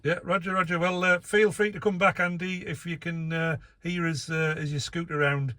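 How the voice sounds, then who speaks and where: A man's voice: fairly high pitch, little pitch movement, normal speed, pushed and bright, no echo. A man running an amateur radio net from his vehicle, chatting casually and reading out call signs with many filler uhs. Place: in a vehicle, operating mobile.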